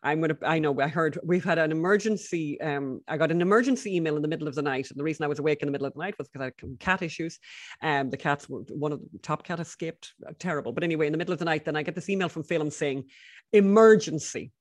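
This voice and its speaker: A woman co-hosting a casual podcast, talking in a brisk, upbeat way. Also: deep voice, dry recording. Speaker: podcast co-host.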